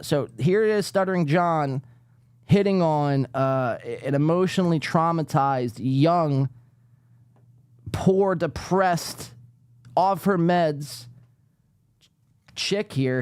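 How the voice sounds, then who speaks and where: A man hosting a live podcast, ranting in a profane, sarcastic way while reacting to clips. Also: no echo. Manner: lively, jumpy pitch. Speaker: podcast host. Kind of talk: casual live-stream commentary.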